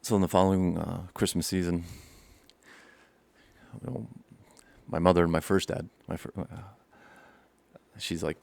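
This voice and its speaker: Young male vlogger, deep gravelly voice, dry close sound, animated rambling storyteller. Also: a little slow, long pauses, no room sound. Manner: rambling, animated, laughs often, acts out scenes. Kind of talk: casual storytelling to camera.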